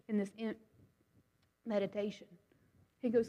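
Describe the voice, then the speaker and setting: A woman's voice: mid-range voice, moderate pace, long pauses, big-room sound, highs cut off. A woman giving a personal testimony to a congregation, speaking in an earnest, conversational way and often checking in with her listeners.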